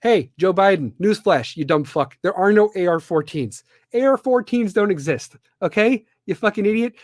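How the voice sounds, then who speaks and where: A man's voice: high-pitched, expressive, moderate pace, dry recording, studio quality. A man from the Midwestern US hosting a live podcast, ranting bluntly and with plenty of profanity. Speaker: podcast host.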